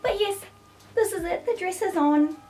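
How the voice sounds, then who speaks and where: A woman vlogger gushing excitedly over a new dress, with frequent gasps and giggles. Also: extremely high pitch, normal speed. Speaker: fashion vlogger. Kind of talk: casual unboxing show-and-tell. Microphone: camera mic a short way off. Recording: slightly distant mic, faint background music.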